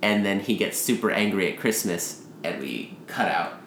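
A man in casual chat who rambles through a story pitch and acts out the characters' lines in quick asides. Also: expressive, a bit bright, reverberant, slight background noise.

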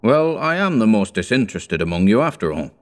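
A man's voice: fairly low pitch, big pitch swings, brisk. A man voicing a fat, bored male merchant from a storybook, speaking in offhand, drawling banter.

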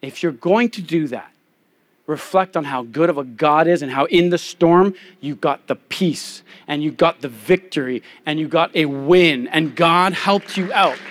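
Young guy pastor telling personal stories in a sermon, voice on the high side, very open and chatty. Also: measured pace, fairly bright tone. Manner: storytelling, candid and personal. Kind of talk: conversational sermon.

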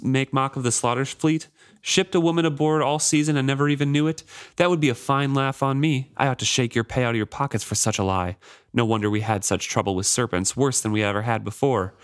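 A gruff male ship captain, as a man reading aloud puts him on, snapping out contemptuous orders a little above his natural pitch. The sound is dry and close, and the captain's scorn stays fierce throughout. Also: dry recording, lightly acted.

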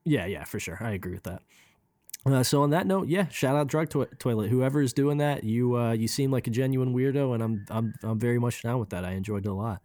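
A man's voice: medium pitch, fairly quick, dark tone, no room sound, clean studio sound. A man hosting a casual podcast, upbeat, swearing casually and laughing easily. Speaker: podcast host reviewing music. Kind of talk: casual chat.

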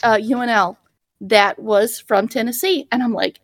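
A woman's voice: on the high side, dry recording, studio quality. A woman with a Southern US accent, co-hosting a podcast in casual chat, laughing, teasing and swearing a lot. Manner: laughing, swearing, quick to tease. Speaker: podcast co-host.

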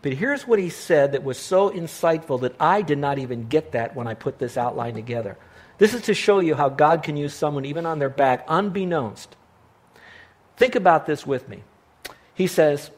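A man preaching a sermon as pastor, emphatic and slowing down to stress the verses he quotes. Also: on the high side, animated.

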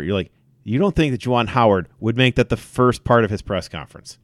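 A man co-hosting a casual sports podcast, telling events in an animated way with many fillers. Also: medium pitch, fast, no room sound. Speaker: podcast co-host.

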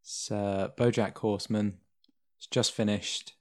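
A man chatting casually on a podcast in a dry, deadpan way. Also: lowish voice, measured pace. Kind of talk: casual chat.

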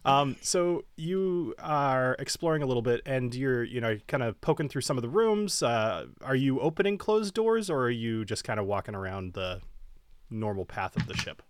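A man's voice: mid-range voice, big pitch swings, moderate pace, clear, resonant tone, dry recording. Hesitant man running a tabletop game. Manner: hesitant, lots of fillers and restarts. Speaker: game master.

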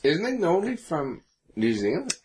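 Male podcast guest, plain mid voice, hesitant and halting delivery. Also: fairly high pitch, huge pitch swings, a little mellow, slight background noise. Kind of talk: casual chat.

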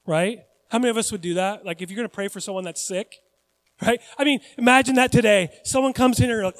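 High-voiced male pastor in a reverberant hall. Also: fast talker. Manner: conversational, animated, questions the audience. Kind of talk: sermon.

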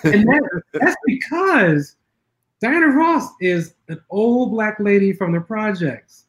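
A man with a notably high voice, chatting as an interview guest. He tells his stories casually and animatedly, laughs often, restarts his sentences, and slips into other people's voices when he quotes them. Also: expressive, takes it slowly, a bit bright. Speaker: guest filmmaker.

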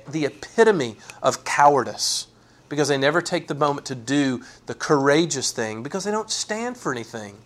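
A man preaching a sermon, animated and folksy, acting out sarcastic quotes. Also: a little high. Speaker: pastor.

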